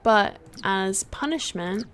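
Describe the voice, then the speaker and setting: A woman narrating a life-simulation game in a soft-spoken ASMR style, chatty and full of fillers. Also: medium pitch, lively intonation, slow, clear, resonant tone. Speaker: gaming channel host. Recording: loud game audio underneath.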